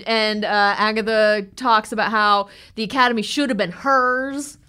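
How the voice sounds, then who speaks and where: Bright, animated woman podcast co-host. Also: mid-range voice, clear, resonant tone. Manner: animated, drops into quick silly voices for quotes. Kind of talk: casual movie recap chat.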